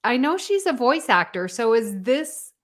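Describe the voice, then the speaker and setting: A woman on a podcast co-host panel, asking questions in a casual, unhurried way. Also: a little high, big pitch swings. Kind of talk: casual fan discussion.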